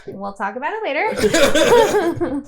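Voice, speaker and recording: A woman voices her ship's captain in a tabletop game, her voice high and polite. She sounds amused. Other players' chatter is heard around her. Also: sing-song, slow. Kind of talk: casual tabletop play.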